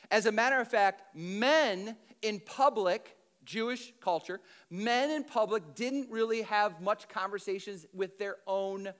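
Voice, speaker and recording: A man preaching a sermon in a conversational, animated storytelling way with casual asides. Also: sits high, clean tone.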